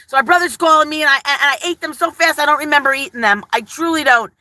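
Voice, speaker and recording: A woman's voice: high voice, fast talker, pushed and bright, dry recording, poor audio. An older woman chatting effusively on a live stream, rambling and greeting viewers as she talks. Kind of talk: casual live-stream chat.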